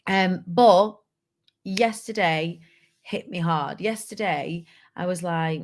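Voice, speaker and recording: A woman's voice: on the low side, unhurried. A woman, a business owner and mum, talking candidly and rambling a little to her online community. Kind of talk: casual to-camera talk.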